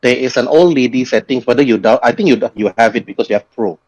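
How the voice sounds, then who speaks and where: A man's voice: mid-range voice, fast, darkish tone, husky, dry recording. A man running an online tabletop game as game master, narrating loosely with many restarts. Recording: dull lo-fi mic.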